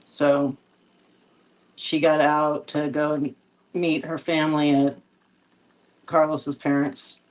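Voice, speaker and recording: A woman co-hosting a casual live podcast chat, gently teasing and giving advice. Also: deep voice, level tone, slow, pauses often, poor audio. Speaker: podcast co-host.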